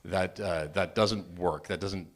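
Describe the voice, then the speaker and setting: A married man telling a true personal story at a live open mic, animated and self-mocking, often restarting his sentences. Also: deep voice, a little slow. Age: adult, married. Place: storytelling venue, live event.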